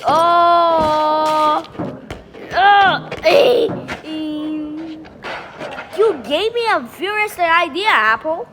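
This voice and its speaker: A woman's voice: extremely high pitch, expressive, drawn-out words, over music. A woman telling a playful story over sandbox gameplay, goofy and full of sound effects and exclamations. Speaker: gaming channel creator.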